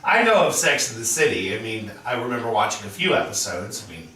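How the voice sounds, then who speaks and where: A man co-hosting a casual chat show, relaxed and thinking aloud with fillers. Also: fairly low pitch, fast. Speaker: show host. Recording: echoey room, far from the mic, faint noise.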